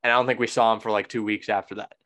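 A man's voice: lowish voice, steady tone, racing, sharp tone. A young man hosting a podcast, chatting casually and telling a rambling story full of restarts and self-corrections. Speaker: podcast host.

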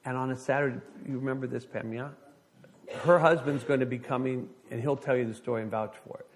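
A middle-aged man preaching a sermon, an animated storyteller who reads scripture and acts out the voices of people in his stories. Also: mid-range voice, fast. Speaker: pastor.

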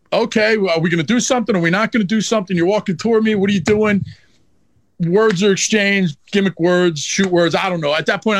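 A high-pitched man telling a blunt, profanity-laced backstage story with animated energy. His voice is recorded dry and close, with no room sound. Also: no room sound. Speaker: wrestling manager guest. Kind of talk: candid storytelling interview.

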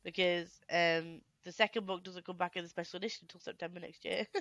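A woman's voice: on the low side, steady tone, a bit bright, no room sound, dull audio. A young woman, co-hosting a casual podcast chat on a headset mic, laughing often and restarting her sentences. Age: young adult. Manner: giggly, talks in quick bursts with restarts. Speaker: podcast co-host.

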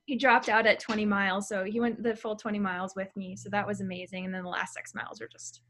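A woman's voice: medium pitch, little pitch movement, quick pace, a bit bright, slight background noise. A young adult woman chatting casually as a guest on a podcast, who laughs often. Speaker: guest runner.

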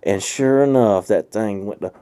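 A man's voice: lowish voice, moderate pace, dark tone. A man, co-hosting a podcast and telling a fishing story in a casual, laughing, profane way. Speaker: podcast co-host.

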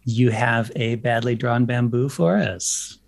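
A man's voice: medium pitch, slow pace, creaky. A man co-hosting a podcast, playful and joking in casual chat. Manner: playful, jokey, animated. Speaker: podcast co-host.

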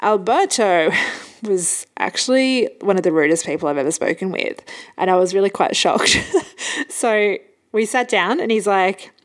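A woman's voice: mid-range voice, lively intonation, normal speed. Woman host, casual solo podcast chat, chatty storyteller, mid-range voice, laughs easily.

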